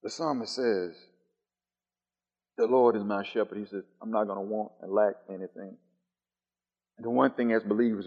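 A man delivers a sermon, moving between quiet, low reflection and loud, high-pitched calls while repeating phrases in a steady rhythm. The recording has a large-room sound with the high frequencies cut off.

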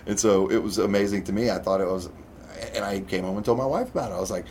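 A man's voice: on the low side, fast, a little mellow, slight background noise. A man preaching a conversational sermon, reading scripture aloud and often checking in with "okay?".

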